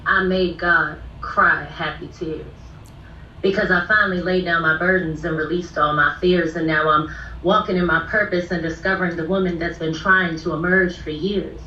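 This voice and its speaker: A woman's voice: medium pitch, sharp tone, slight background noise. A woman, reciting her own spoken word poem in a rhythmic, declamatory way on a video call. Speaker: poet in a group call. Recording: distant, dull echoey call audio.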